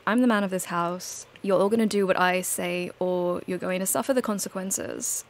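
A woman's voice: on the low side, fairly even intonation, normal speed, lightly acted. A woman voicing a domineering medieval husband and father, speaking harshly and threateningly in her own voice. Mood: angry, domineering.

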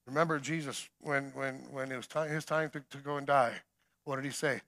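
A middle-aged man preaching a sermon, swinging between emphatic calls and quiet storytelling. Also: mid-range voice, fairly even intonation, a little fast. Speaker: guest preacher.

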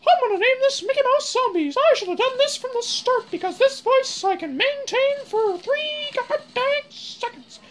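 A chirpy cartoon mouse in a piercing, strained falsetto. The voice squeaks far above a normal speaking register. It is a gaming-commentary impression, held only with effort. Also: female voice, animated, normal speed. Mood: squeaky glee.

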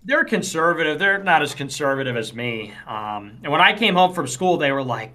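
A man's voice: on the high side, animated, moderate pace, few pauses, sharp tone. A young man streamer chatting casually on a call, matter-of-fact and full of fillers. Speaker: streamer and political commentator. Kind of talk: casual chat.

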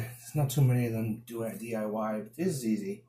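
A man's voice: fairly low pitch, brisk, mellow. A man from the Bronx with a New York accent, chatting casually through a home DIY job and muttering to himself as he works. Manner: chatty, mutters to himself while working, mild exasperated exclamations. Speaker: DIY YouTuber. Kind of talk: casual DIY video commentary. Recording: echoey room.

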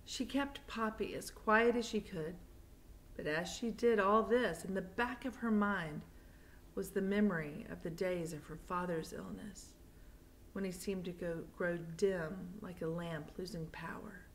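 A young woman teacher chatting playfully with her students, then reading a novel aloud to them in steady narration. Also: fairly low pitch, unhurried, slight background noise.

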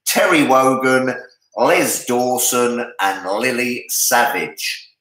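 An Englishman runs a charity pub quiz in a bright, easygoing voice. He jokes between the questions and draws out each answer. The sound is roomy and echoey. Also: medium pitch, expressive. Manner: jokey, chatty, reads answers slowly. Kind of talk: casual charity quiz hosting. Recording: echoey room.

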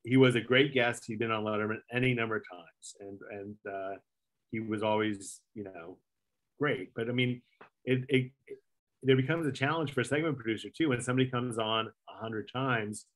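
A man's voice: medium pitch, moderate pace, a bit bright. A middle-aged man, a former late-night segment producer, casually telling a long anecdote with lots of fillers and acted-out quotes. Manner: rambling anecdotal storyteller, many fillers, swearing, acts out quotes. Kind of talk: casual storytelling interview.

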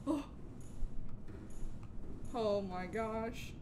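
A woman streaming a game live, excitable and chatting with viewers, with hiccups. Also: sits high, a little slow, pauses often, a little hiss or hum. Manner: excitable, talks to chat, frequent outbursts. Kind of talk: live gameplay commentary.

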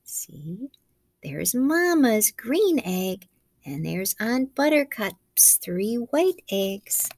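Gentle woman reading a picture book aloud. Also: a little high, sing-song, extremely slow, vocal fry. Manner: gentle and coaxing, asks the children questions, drops to soft whispers.

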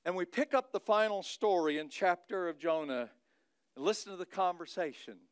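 High-voiced preacher delivering a dramatic sermon. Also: male voice, lively intonation, moderate pace, clean tone, no room sound. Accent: Midwestern American. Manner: dramatic reading of scripture, swinging from loud to hushed. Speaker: pastor.

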